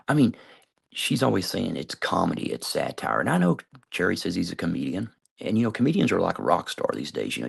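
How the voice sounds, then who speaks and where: Cursing vlogger ranting about people by name; deep voice, rough with heavy vocal fry, rambly delivery. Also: male voice. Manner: swears constantly, calls out people by name; trails off, hedges with "I don't know". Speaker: video commentator. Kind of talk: rambling profane rant to camera.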